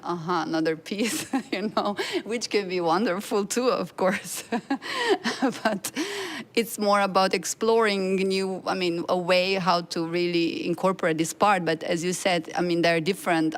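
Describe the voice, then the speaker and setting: A woman composer answering a question on a panel, speaking in a searching way and laughing between phrases. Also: on the low side.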